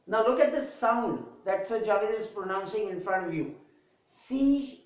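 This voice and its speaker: Slow, deliberate male English teacher. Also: extremely high pitch, animated. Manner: slow and deliberate, spells out letters and repeats words. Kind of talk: English pronunciation lesson. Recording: echoey, distant, dull lo-fi room.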